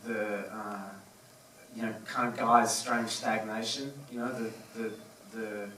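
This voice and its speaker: A film director answering audience questions, halting, with many fillers and restarts. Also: male voice, on the low side, little pitch movement, bright, forceful tone, distant mic, a little hiss or hum. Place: cinema auditorium. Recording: echoey cinema, voice from afar.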